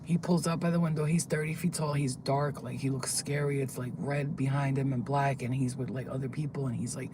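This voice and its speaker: A woman vlogger who tells a dream in a rambling, excitable way from a parked car. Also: extremely low pitch, a little fast, hardly any pauses, background noise. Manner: rambling, excitable, swears when flustered. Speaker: spiritual vlogger. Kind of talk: casual storytelling, recounting a dream. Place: car, pulled over.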